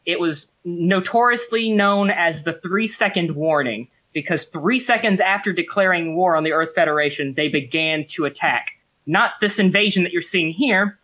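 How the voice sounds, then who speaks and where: Gm running a tabletop game online, bright clear voice, lots of ums while explaining lore. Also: mid-range voice. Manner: explains the setting at length with many ums and restarts. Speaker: game master.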